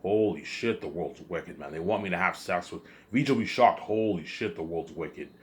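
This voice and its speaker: Low-pitched and speaking at a moderate pace, a vlogger addresses the camera in a ranting monologue. He sounds agitated, going over the same points repeatedly and accusing others.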